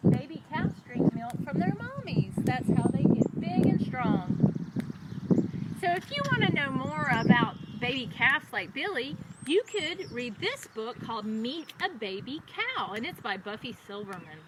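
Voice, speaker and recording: A woman who is a children's librarian, leading a storytime and speaking slowly in a sing-song way to small children. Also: sits high, sing-song. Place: outdoors on a farm. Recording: distant mic with loud outdoor noise.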